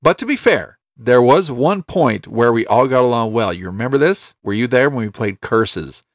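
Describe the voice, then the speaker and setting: A man's voice: medium pitch, lively intonation, moderate pace, no echo, studio quality. A man co-hosting a podcast with his brother, telling family stories in a rambling, casual way and chuckling often. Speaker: podcast co-host. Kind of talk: casual chat.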